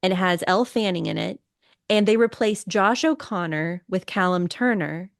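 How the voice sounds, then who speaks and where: A woman's voice: mid-range voice, normal speed, no room sound, clean studio sound. A young woman co-hosting a podcast in casual chat. She rambles with restarts and laughs as she talks. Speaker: podcast co-host.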